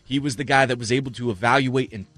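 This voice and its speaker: A man's voice: medium pitch, fairly even intonation, fast, a bit bright, no room sound, soft background music. A man co-hosting a sports talk show, giving earnest, emphatic analysis and repeating his points for stress. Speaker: sports radio co-host.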